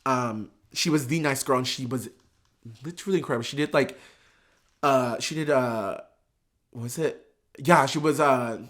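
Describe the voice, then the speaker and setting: A man chats as a guest, spilling a story in an excitable, gushing rush, full of fillers. His pitch leaps and dips all over as he talks, while his voice sits at an ordinary middle height. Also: fairly quick. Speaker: podcast guest, drag performer. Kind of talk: casual storytelling.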